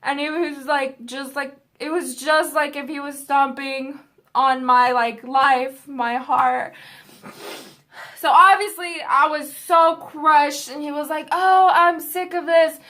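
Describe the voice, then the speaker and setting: A woman's voice: sits high, fairly even intonation, slow, pushed and bright. A young adult woman vlogger telling a story in a casual, rambling, profane way.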